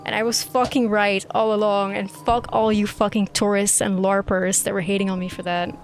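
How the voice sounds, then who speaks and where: A woman's voice: medium pitch, little pitch movement, normal speed. A woman streamer reacting live to a game, ranting emphatically and swearing freely. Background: quiet game music.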